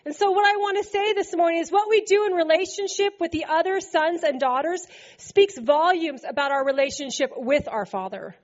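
A woman's voice: very high voice, moderate pace, muffled recording. A woman preaching a sermon to a congregation, playful and laughing often as she acts out scripture quotes. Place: church service before a congregation.

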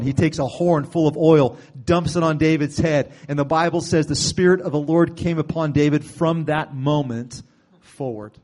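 Male preacher, slightly high voice, casual storytelling sermon, sudden loud outbursts. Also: moderate pace.

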